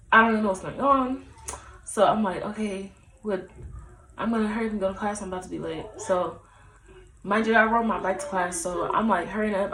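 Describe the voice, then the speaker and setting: A woman's voice: medium pitch, fairly bright tone, a little hiss or hum. A young woman telling a personal story to her camera in a casual, chatty way, full of fillers and acted-out dialogue. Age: young adult. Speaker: vlogger. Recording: echoey room.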